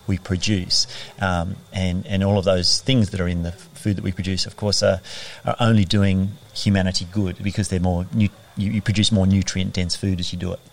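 A middle-aged man from Australia, a chef turned farmer, speaking reflectively in a conversational interview, with frequent fillers and restarts. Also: low-pitched.

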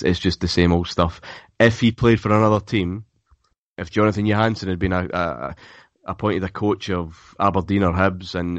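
A man's voice: deep voice, no room sound, highs cut off. A man co-hosting a casual football chat podcast, often restarting his sentences and repeating words. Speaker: podcast co-host.

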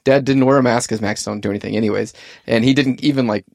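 A man hosting a podcast interview, talking in a quick, chatty, conversational way. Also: medium pitch, fairly even intonation, creaky, a little mellow, no room sound, clean studio sound. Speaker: podcast host.

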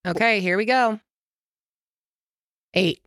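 A woman's voice: mid-range voice, slow, a bit bright, no echo, clean studio sound. A woman co-hosting a podcast, chatting casually and laughing often in a playful, teasing way. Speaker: podcast co-host. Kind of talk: casual chat.

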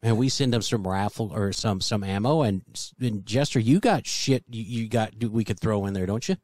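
A man's voice: fairly low pitch, normal speed, a little mellow, no room sound, studio quality. A man co-hosting a podcast, joking and teasing his co-hosts in crude, casual banter with plenty of swearing. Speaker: podcast co-host.

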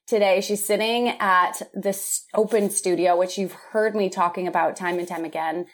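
A woman hosting a podcast, talking openly and emotionally in casual chat, quick to laugh. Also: lowish voice, steady tone. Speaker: podcast host. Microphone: remote video call.

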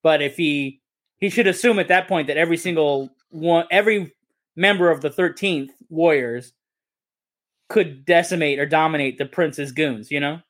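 A man's voice: fairly high pitch, moderate pace, a bit bright. A man co-hosting a podcast who talks about a film in a casual, rambling, enthusiastic way and often corrects himself. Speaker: podcast co-host. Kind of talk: casual movie discussion.

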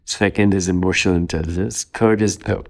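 A man in his seventies, a guest in an interview, calmly explaining his practices and listing ideas one by one in a measured way. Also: low-pitched, creaky. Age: 70s. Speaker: interview guest, wellness author. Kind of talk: calm interview answers.

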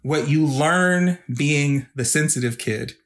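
Slowly and in a slightly high voice, a video-making podcast guest reflects earnestly and lets his emotions show during a relaxed conversation.

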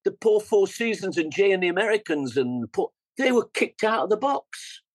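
A man's voice: high-pitched, lively intonation, normal speed, dry recording, rough recording. An older man with an English accent tells his stories with lots of animation. He scats rhythms and acts out quotes, and he sounds close and dry on the mic. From England. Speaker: guest musician. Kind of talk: storytelling interview.

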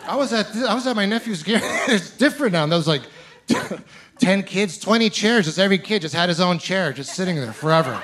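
Young guy from ontario doing stand-up, kinda high voice, exasperated ranty delivery. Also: expressive, brisk, a bit bright. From Ontario, Canada. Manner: incredulous, exasperated ranting with self-mocking asides. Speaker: stand-up comedian. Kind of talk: stand-up comedy set.

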